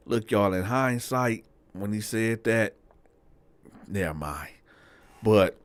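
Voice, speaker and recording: A man telling a prison story in casual street slang, breaking into animated, high-pitched dialogue for each character. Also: slow, long pauses, no room sound. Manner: animated, acts out dialogue with big pitch jumps; slangy street talk, frequent "right?" asides.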